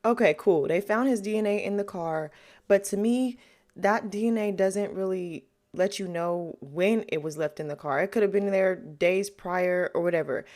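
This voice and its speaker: Woman podcast host, casual true crime storyteller, slangy and animated, dry close mic. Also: mid-range voice, moderate pace, dry recording. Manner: animated, slangy, acts out quotes.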